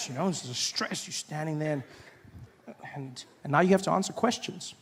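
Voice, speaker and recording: A man performing an animated stand-up routine, telling stories in a conversational way. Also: a little high, normal speed, a little hiss or hum. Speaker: stand-up comedian.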